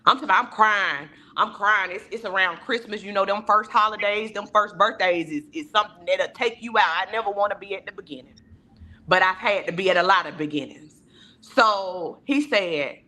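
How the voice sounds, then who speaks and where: A woman's voice: mid-range voice, moderate pace, bright, forceful tone. A woman giving a heartfelt, emphatic testimony on a video call, preacher-like in her delivery and acting out the voices she quotes. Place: virtual town hall video call.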